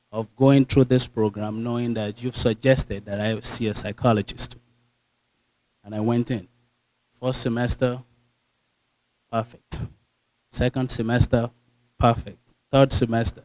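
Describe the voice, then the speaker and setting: A young man with a Nigerian accent giving an earnest, animated motivational speech to an audience, telling stories and acting out the dialogue. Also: medium pitch, unhurried, long pauses, dry recording, rough recording. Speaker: speaker.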